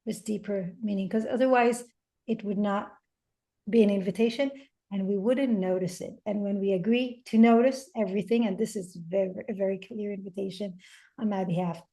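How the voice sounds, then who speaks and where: A woman who is a guest on a podcast, speaking gently and reflectively about parenting, often restarting her phrases. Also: medium pitch, steady tone, moderate pace. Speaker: interview guest, parenting coach. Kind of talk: reflective interview talk.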